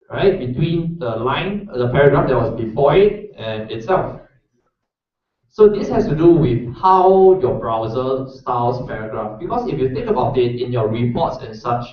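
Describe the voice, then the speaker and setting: Man teaching a workshop in an echoey hall. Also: medium pitch. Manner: casual, chatty, checks in with the audience. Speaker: workshop instructor. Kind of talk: live coding workshop lecture. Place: lecture room. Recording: roomy echo, distant mic, dull lo-fi sound.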